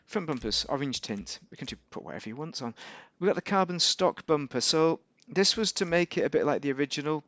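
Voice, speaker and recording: A man's voice: fairly high pitch, lively intonation, fairly quick, few pauses, a bit bright, dry recording. A man giving casual, rambling gameplay commentary as a YouTuber, correcting himself and making wry asides. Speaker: gaming YouTuber.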